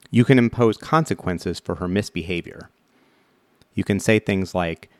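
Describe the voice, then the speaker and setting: A man reading scripted instructions in a measured, even way. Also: low voice, no echo, studio quality. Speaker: instructional narrator.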